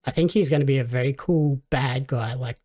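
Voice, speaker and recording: A man's voice: medium pitch, fairly quick, mellow. Easygoing man hosting a film chat. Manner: easygoing, quotes his own reactions. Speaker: podcast host. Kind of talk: casual chat.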